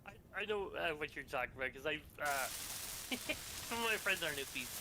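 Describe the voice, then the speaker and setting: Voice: medium pitch, expressive, a little fast, background noise. A speaker from Canada chatting casually during a game, teasing and laughing often. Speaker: gaming co-player. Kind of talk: casual chat while gaming.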